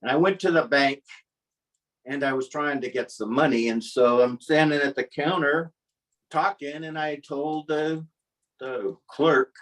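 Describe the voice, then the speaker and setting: Wry storytelling man, slightly high voice. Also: a little slow, far from the mic, poor audio. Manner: wry, self-mocking, deadpan delivery. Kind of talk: live comic storytelling. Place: storytelling event before a live audience.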